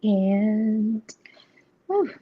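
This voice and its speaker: Woman in her thirties, easygoing giggly live-stream host, lively pitch, muffled lo-fi audio. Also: drawn-out words, slightly rough. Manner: laughs often, chatty and rambling. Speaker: host of live tarot readings. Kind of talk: casual live-stream chat.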